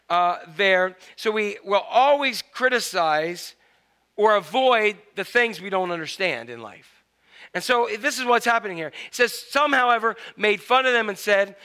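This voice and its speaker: Bright-voiced preacher telling a story. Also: male voice, sits high, clear, resonant tone. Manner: storytelling, animated, with acted-out quotes. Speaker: pastor. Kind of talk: sermon.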